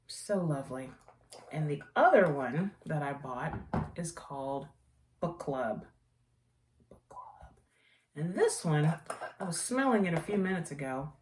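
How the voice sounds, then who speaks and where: A woman with a lowish voice hosts a casual tea vlog, rambling happily and gushing over products she loves. She sits back from the mic, and the room adds a noticeable echo. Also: expressive, a little slow, recorded from a distance, slight background noise. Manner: rambling, warm-hearted enthusiasm for products. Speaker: tea vlogger and host. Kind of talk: casual chatty review. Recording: echoey room, voice away from mic.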